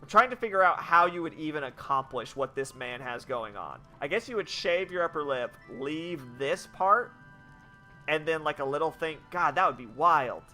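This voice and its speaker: Young guy rambling while he plays, lots of likes, bright punchy voice. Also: on the high side, animated, normal speed, faint music behind. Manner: rambling, many "like"s and restarts. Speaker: game streamer. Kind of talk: casual let's-play commentary.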